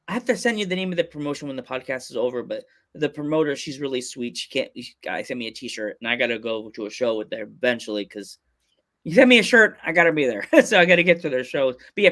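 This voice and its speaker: A man's voice: fairly high pitch, lively intonation, fairly quick, bright, forceful tone. A man from Pennsylvania hosting a casual podcast interview, joking and laughing often. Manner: playful, laughs often, jokey voices. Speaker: podcast host.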